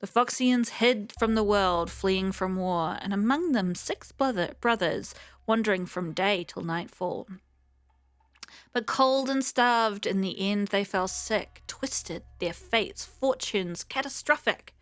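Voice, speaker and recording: A woman's voice: mid-range voice, slow pace, dry recording. Woman chatting over a game. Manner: reads game text aloud between remarks, frequent fillers. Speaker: let's play host. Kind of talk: casual gameplay commentary.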